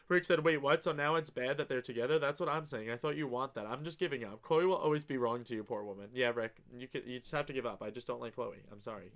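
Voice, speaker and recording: Young guy hosting a stream, reading comments out, bright punchy voice, gushes and swears a lot. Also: mid-range voice. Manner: excitable, swearing, gushing, reads comments aloud. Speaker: live stream host. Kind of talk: casual chat reading viewer comments.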